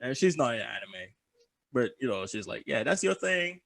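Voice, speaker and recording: A man's voice: mid-range voice, big pitch swings, normal speed, creaky, a crowd in the background. A young man co-hosting a podcast in casual chat, joking loosely, swearing freely and laughing often. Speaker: podcast co-host.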